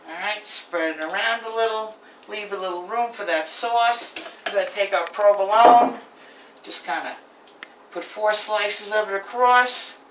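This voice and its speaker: A woman's voice: medium pitch, a little slow, background noise. A woman with a New York accent, from Brooklyn, talking through a home cooking demonstration in a chatty, brash storytelling way. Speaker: home cook host. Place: home kitchen, indoors. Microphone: camera mic filmed from across the kitchen. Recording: echoey kitchen, distant camera mic.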